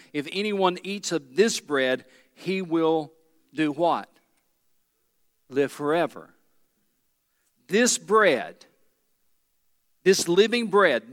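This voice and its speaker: A man's voice: on the high side, fairly bright tone. A man preaching a sermon as pastor in a large church, emphatic and calling out questions to the congregation. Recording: long hall reverb in a large church.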